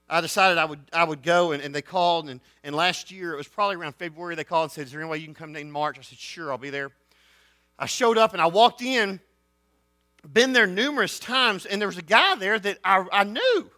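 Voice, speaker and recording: A man preaching to students, rising to shouted excitement. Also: a little high, no room sound, studio quality. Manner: folksy, builds to shouted excitement. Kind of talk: sermon storytelling.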